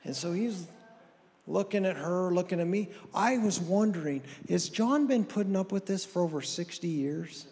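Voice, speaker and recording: Middle-aged male comic, high voice, folksy self-deprecating storyteller in a reverberant church hall. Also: moderate pace, a little mellow. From American Southwest. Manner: folksy, self-deprecating, acts out others' lines. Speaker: stand-up comedian. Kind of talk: stand-up storytelling.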